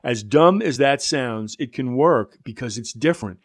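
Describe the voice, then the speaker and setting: A man in the middle pitch range lays out a marketing method like a sales trainer talking to a room. He keeps it conversational, throwing in blunt asides and quick stories as he goes. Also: animated. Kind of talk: instructional talk to an audience.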